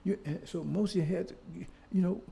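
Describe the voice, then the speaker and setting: An older man lectures on history with street-style passion, hammering repeated rhetorical questions and swearing now and then. His voice sits high and is creaky and warm, keeping a steady tone while he speaks fast.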